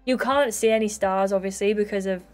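A woman's voice: medium pitch, fairly even intonation, fairly quick, darkish tone, faint music behind, close to an everyday voice. A woman voicing an earnest young man from a dating game, talking in a rambling, sincere way.

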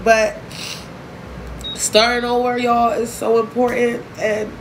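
A woman's voice: a little high, flat delivery, a little hiss or hum, poor audio. A young woman talking candidly and emotionally to her vlog audience, swearing freely as she speaks. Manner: candid, emotional, profane, fast-shifting. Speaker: vlogger. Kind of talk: emotional casual vlog talk.

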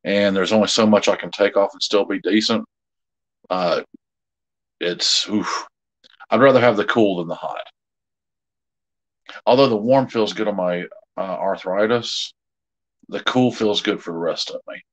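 Middle-aged man, lowish voice, rambling casual chat, lots of fillers. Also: normal speed, pauses often, low-quality recording. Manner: rambling, easygoing, many fillers. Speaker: co-host of a live jewelry sale.

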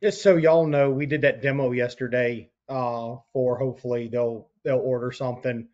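A man's voice: mid-range voice, steady tone, moderate pace, darkish tone. A man talking casually on a work webinar in a friendly, plain way. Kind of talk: casual chat. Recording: dull lo-fi webinar audio.

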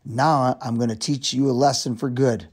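A man reading a gruff, bullying farmer. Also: mid-range voice, fairly even intonation, moderate pace, darkish tone, natural voice. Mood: threatening.

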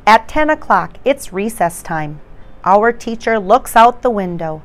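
A woman reading a children's bedtime story aloud in a gentle, unhurried way. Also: mid-range voice, animated.

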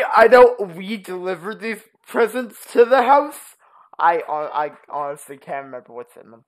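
A gaming channel host giving rambling, casual commentary full of "uh" and "anyway", jumping to a high, excited voice when calling the pets.

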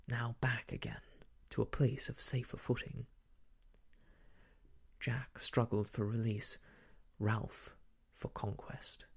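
Slow, gravelly man softly half-whispering a story. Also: mid-range voice. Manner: hushed, half-whispered reading. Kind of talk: soft ASMR narration of an old novel.

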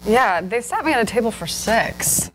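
A woman's voice: fairly high pitch, lively intonation, normal speed, close to an everyday voice, poor audio. An actress playing a woman greeting an admirer in a rehearsed scene, trying playful line readings. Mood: bright greeting. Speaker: workshop actor. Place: live workshop stage.

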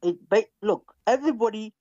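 A man's voice: sits high, brisk, dark tone, no room sound, muffled recording. A man calling into a heated online debate, defensive and insisting on finishing his point, reading verses aloud. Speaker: debate caller.

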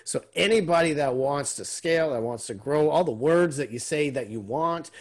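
A man's voice: on the high side, normal speed. A man hosting a podcast, talking in an enthusiastic, casual way and swearing freely on a remote call. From Canada. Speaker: podcast host. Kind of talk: casual chat.

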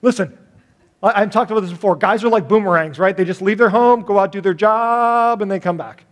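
A middle-aged man preaching a sermon as pastor, animated and jokey, acting out little voices in his stories. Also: high voice, fairly quick.

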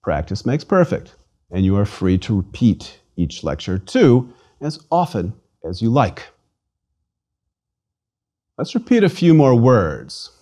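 A man's voice: on the low side, very animated, takes it slowly, pauses often, mellow. A man giving a scripted pronunciation lesson, patient and repeating words for the listener to drill. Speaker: language lecturer. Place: studio.

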